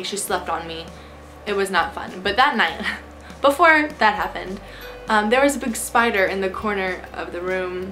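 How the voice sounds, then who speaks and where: A young woman tells a storytime on her vlog, animated and exasperated as she recounts a bad trip. Her pitch sits in the middle range. Faint music plays behind her. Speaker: vlogger.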